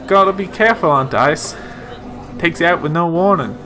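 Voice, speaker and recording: A man's voice: on the high side, moderate pace, noisy background, voice pushed up, natural voice. A man voicing a friendly, reassuring young stranger, reading from a text game. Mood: friendly concern. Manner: cheery, reassuring.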